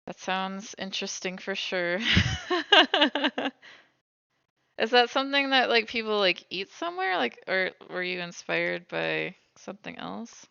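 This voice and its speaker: A woman's voice: medium pitch, expressive, moderate pace, vocal fry, hardly any pauses, bright, forceful tone, clear, resonant tone, dry recording, dull audio. A woman streaming while she bakes, chatting casually and thinking aloud as she cooks. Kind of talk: casual livestream chat while baking.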